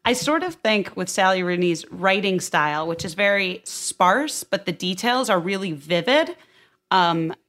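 A young woman hosting a casual book discussion, thinking out loud with frequent restarts. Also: medium pitch, measured pace. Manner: thinks aloud with restarts, animated.

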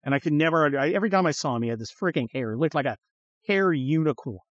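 A middle-aged man hosting a podcast, telling stories in a profane, animated way and acting out the people he quotes. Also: on the high side, quick pace, dry recording. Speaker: podcast host. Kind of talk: casual storytelling chat. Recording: slightly dull, dry studio sound.

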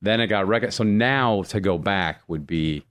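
A man's voice: on the low side, measured pace. A middle-aged man, an actor, telling stories in casual chat and acting out the people he quotes. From born in Rome, raised American. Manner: animated storyteller, acts out quoted people in raised voices. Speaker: actor guest.

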